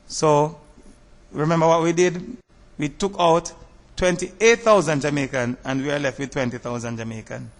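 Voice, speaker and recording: A man teaching a math lesson over slides, explaining step by step in a measured way and asking rhetorical questions. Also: a little high, in a large hall.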